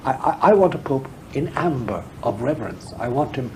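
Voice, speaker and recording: Forthright, emphatic man with a mellow voice. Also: mid-range voice, animated, brisk, a little hiss or hum, poor audio. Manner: emphatic, forthright, repeats words when pressing a point. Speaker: interview guest, historian and theologian. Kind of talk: frank, discursive interview talk.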